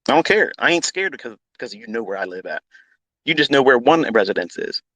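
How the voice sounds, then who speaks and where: A man's voice: mid-range voice, big pitch swings, brisk, sharp tone, no echo, rough recording. A man talking off the cuff as a trading educator, blunt and combative, swearing freely and repeating himself for emphasis. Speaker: trading educator on a live audio space. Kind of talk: unscripted profane rant.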